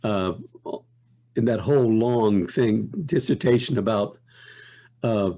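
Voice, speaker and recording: An older man, a voice actor, chatting as an interview guest in a reflective, unhurried way that often breaks off and restarts. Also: lowish voice, dark tone. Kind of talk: casual interview chat.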